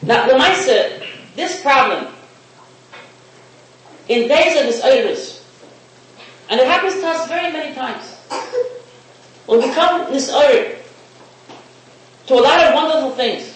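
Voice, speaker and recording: A man's voice: very high-pitched, expressive, unhurried, long pauses, fairly bright tone. A man giving a sermon, telling a parable in a storytelling manner and mixing in Hebrew and Yiddish terms. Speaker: rabbi giving a talk. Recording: echoey room, distant mic, faint hiss.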